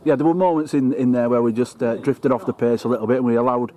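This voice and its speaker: Relaxed man as a club TV interviewer with a mellow voice. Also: mid-range voice, quick pace. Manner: easygoing, leading questions. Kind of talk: post-match interview. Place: outdoors at a football ground.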